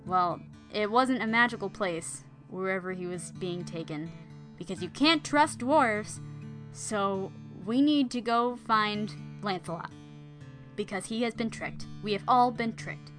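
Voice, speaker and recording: A woman voicing a weary, exasperated grown knight in a casual spoken retelling of a legend, muttering in a flat, resigned way. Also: medium pitch, a little slow, soft background music, close to an everyday voice.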